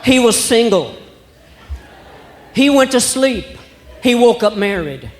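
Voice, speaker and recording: A man from Alabama with a Southern accent, doing a stand-up comedy set in a slow, folksy drawl. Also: extremely high pitch, big pitch swings. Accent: Southern American. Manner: slow folksy drawl, acts out voices in his stories. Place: church hall with a live audience. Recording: long hall reverb, faint room noise.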